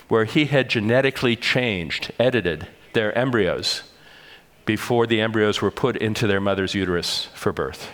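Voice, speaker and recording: An older man giving a measured, explanatory public lecture at a conference, sometimes correcting himself as he goes. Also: on the low side, a bit bright. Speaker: conference speaker. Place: large conference hall. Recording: long reverb of a large hall.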